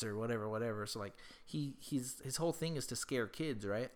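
A man's voice: medium pitch, a little fast. Texas guy rambling through a story, swears a lot, normal mid voice. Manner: loose and rambling, swears freely. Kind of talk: casual storytelling.

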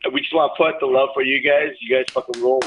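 A man's voice: mid-range voice, fairly even intonation, fast talker, a bit bright, a little hiss or hum. A man calling in from a moped club shop, talking loosely and cursing as he rambles. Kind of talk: casual phone-in chat. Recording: tinny phone line.

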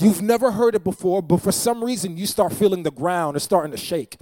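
A man's voice: high-pitched, fairly quick, mellow, no echo. A man preaching a sermon as pastor, dramatic and repeating phrases for emphasis. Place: church.

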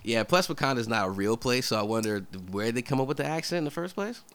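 A man co-hosting a podcast, joking around in profane, quick banter. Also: medium pitch, animated, fairly bright tone, clear, resonant tone. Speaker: podcast co-host. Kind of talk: casual chat.

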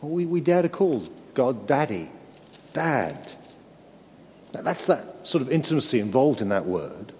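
A man's voice: medium pitch, sing-song, measured pace, darkish tone, a little hiss or hum. A man preaching a sermon in an earnest way, often repeating words and asking his listeners tag questions. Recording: long hall reverb.

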